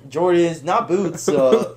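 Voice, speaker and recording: A young man appearing as a podcast guest tells a long story in a casual, animated way, laughing and doing the voices of the people involved. He speaks slowly, with a fairly high pitch.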